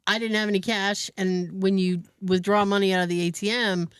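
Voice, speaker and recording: Female podcast host, animated storyteller, dry studio mic. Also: mid-range voice, a little fast, smooth, dry recording. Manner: animated storyteller, laughs often. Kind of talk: casual chat.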